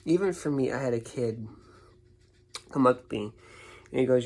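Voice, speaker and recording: A man's voice: medium pitch, moderate pace, long pauses, a little mellow, rough recording. A young man vlogging, telling a rambling personal story to the camera, often repeating himself. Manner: rambling, repeats words and restarts. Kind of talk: casual storytelling monologue.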